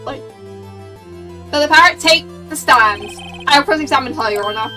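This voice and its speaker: A woman's voice: sits high, animated, moderate pace, pushed and bright. A woman voicing a bold young male defense lawyer in a game, speaking in an earnest, determined way, recorded a bit far from the mic with game music behind.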